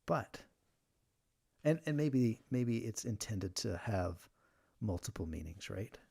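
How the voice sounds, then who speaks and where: A man's voice: on the low side, lively intonation, slow, gravelly, darkish tone, husky. A man hosting a casual livestream, chatting and reading jokes aloud while sleeving trading cards. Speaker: livestream host.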